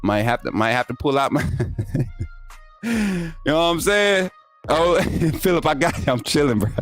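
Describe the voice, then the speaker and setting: A young man hosts a casual sports livestream, thanking viewers and joking with them. He talks with energetic, laughing, teasing banter, his voice sitting a little high. Faint music plays quietly behind him. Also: a little slow. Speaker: YouTube sports show host. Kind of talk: casual livestream chat reading super chats.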